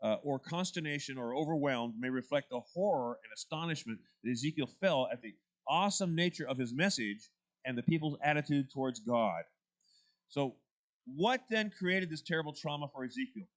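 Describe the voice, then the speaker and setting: A man's voice: medium pitch, expressive, moderate pace. Man teaching a church Bible class. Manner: conversational, questions to the class, frequent restarts.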